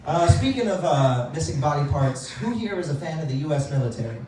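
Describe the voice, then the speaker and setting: A man's voice: on the high side, very animated, a little fast, very echoey, recorded from a distance, heavy background noise. A man doing a stand-up comedy set in a club, self-deprecating and laughing at his own jokes.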